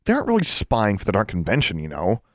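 A man voicing a stubborn, sharp-tongued young witch girl in an audiobook, high and defensive. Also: wildly swooping pitch, quick pace, no room sound, clean studio sound. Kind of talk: audiobook character voice.

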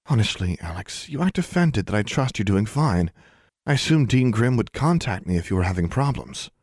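A man putting on a weary, ordinary mother who keeps everything guarded, answering in clipped, defensive lines. The voice sits a touch lower than most, in a dry, close audiobook sound with no room around it. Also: sing-song, moderate pace, a little mellow, dry recording. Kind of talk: audiobook character voice.

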